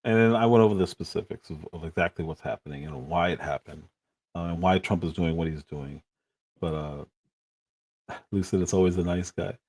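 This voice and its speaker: A man from Chicago hosting a livestream, telling a story in a casual, animated way, laughing and acting out the lines he quotes. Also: low voice, a little fast. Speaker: livestream host.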